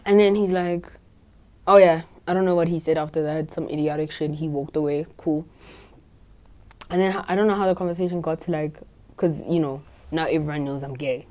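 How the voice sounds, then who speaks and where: A woman's voice: sits low, fairly even intonation, brisk, warm tone. A woman in her twenties, hosting a podcast and telling a casual story in a blunt, profane, self-assured way. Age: 20s. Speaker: podcast host.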